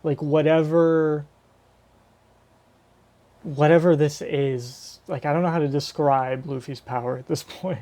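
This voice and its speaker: Mellow-voiced man riffing on a manga chapter. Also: fairly high pitch, fairly even intonation, a little slow, pauses often. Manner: rambling, swears casually, thinks aloud. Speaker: manga reaction streamer. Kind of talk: casual live reaction commentary.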